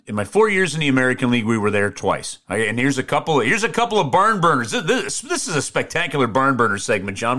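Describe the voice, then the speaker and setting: A man co-hosting a hockey show, telling jokey stories in an animated way. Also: medium pitch. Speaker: hockey play-by-play broadcaster and co-host. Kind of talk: casual sports chat.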